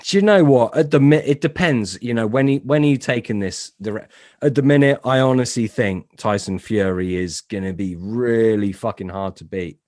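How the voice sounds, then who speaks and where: A man's voice: fairly low pitch, moderate pace, a little mellow, no room sound, studio quality. A man hosting a podcast, asking blunt questions in a casual, sweary manner. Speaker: podcast host.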